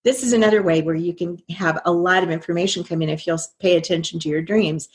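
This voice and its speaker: A woman's voice: fairly low pitch, fairly even intonation, fast talker. An older woman, a guest in an interview, telling her story earnestly and quoting her own past thoughts.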